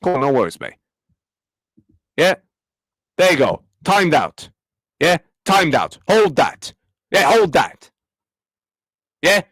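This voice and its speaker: A young man, furious after a match and snapping back at his chat. His voice sits high and jumps all over the place as he rants. The sound is dry and close. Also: very animated, slow pace, long pauses, a bit bright, dry recording. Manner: angry, repetitive, swearing, talks back to chat. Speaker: football reaction streamer. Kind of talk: live match reaction rant.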